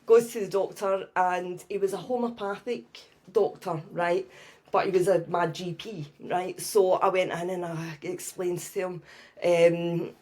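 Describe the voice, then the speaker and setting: A middle-aged Scottish woman, a podcast guest, telling a personal story in a lively way and often adding "right?". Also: fairly low pitch, unhurried.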